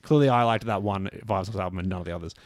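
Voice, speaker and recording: A man's voice: low-pitched, racing, no echo. Joking man in a dry studio. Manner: joking, rambling, self-deprecating. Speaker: podcast co-host. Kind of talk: casual chat.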